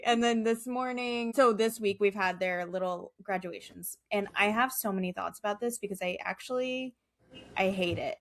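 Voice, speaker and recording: A woman's voice: mid-range voice, normal speed. Chatty exasperated woman co-host. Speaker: podcast co-host. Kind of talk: casual chat.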